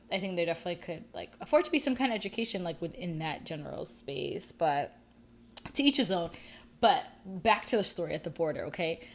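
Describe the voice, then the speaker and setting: A young woman, hosting a podcast and telling a story in a casual, rambling, animated way. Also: on the low side, slight background noise. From United States. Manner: rambling, animated, filler-heavy. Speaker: podcast host.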